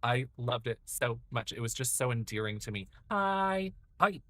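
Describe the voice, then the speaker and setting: A man in his thirties streams a horror game, rambling from one memory to another, swearing freely and chatting loosely and directly with viewers. His voice is medium-pitched, flat, brisk and fairly bright, with no room sound.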